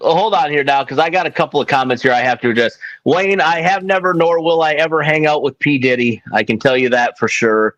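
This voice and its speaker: A man's voice: on the high side, a little fast, hardly any pauses, a bit bright. A man hosting a casual sports podcast, playful, reading out viewer comments. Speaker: podcast host. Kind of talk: casual chat.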